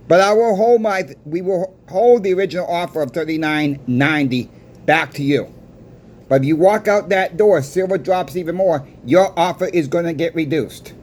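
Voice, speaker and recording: Stammering coin shop man, slightly high voice. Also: slight background noise. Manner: stammers and restarts words while recounting a conversation. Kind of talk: casual storytelling vlog.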